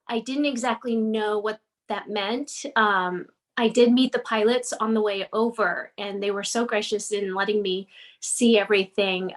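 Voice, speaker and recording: A woman from Korea, a pilot and podcast cohost, telling her story in casual chat with a playful, laughing manner. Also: medium pitch.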